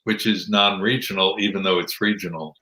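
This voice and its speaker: A man's voice: deep voice, steady tone, fairly quick, pushed and bright, roomy sound, low-quality recording. A man with a Midwestern American accent, a ministry guest chatting in an interview with dry, joking wit. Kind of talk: casual interview chat.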